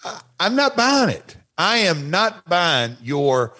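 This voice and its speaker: An older man with a Southern accent, co-hosting a casual wrestling podcast, rambling and jokey in a gruff way. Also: high-pitched, sing-song, takes it slowly, pushed and bright.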